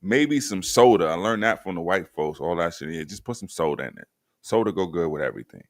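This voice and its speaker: A man with a very deep, low voice hosting a casual stream chat. He talks in a laid-back, slangy, joking way. The sound is close and dry, with no room echo. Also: expressive, fast, creaky. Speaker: podcast host. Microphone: remote stream mic.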